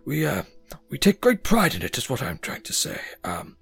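A man's voice: mid-range voice, wildly swooping pitch, normal speed, gravelly, husky, full character voice. A man voicing a fussy, polite male centaur records clerk, prim and hesitant. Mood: eager. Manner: prim, hesitant and overly courteous.

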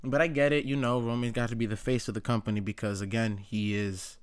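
A man's voice: medium pitch, flat delivery, a little fast, smooth. Rambling, slangy man ranting casually. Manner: rambling and opinionated, heavy on "like" and slang, swears. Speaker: wrestling commentary host. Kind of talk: casual chat.

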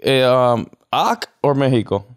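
A young man, a podcast guest, tells stories in a relaxed way and laughs along. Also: medium pitch, measured pace, smooth. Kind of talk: casual chat.

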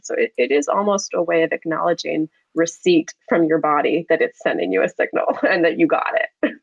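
A woman's voice: sits low, big pitch swings, fairly quick, creaky, slightly rough, dry recording. A woman guest expert explaining research in an easygoing way, often with light laughs, heard through a slightly dull, lo-fi sound. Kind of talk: conversational interview.

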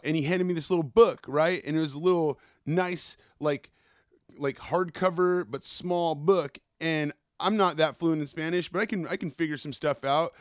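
A man's voice: on the high side, moderate pace, no echo. A man hosting a podcast, telling rambling stories in a casual, profane monologue into a close mic. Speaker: podcast host.

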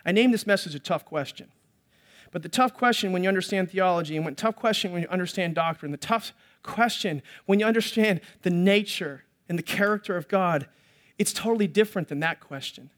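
A male pastor preaching an impassioned sermon, building to loud pleading and then dropping to a soft, quiet prayer. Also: high-pitched, fairly quick.

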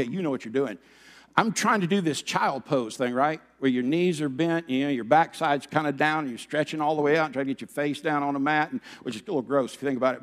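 A middle-aged man preaching a sermon as pastor, animated, telling stories and swinging from loud bursts to hushed, quiet passages. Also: fairly high pitch. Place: church sanctuary. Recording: long reverb of a large hall.

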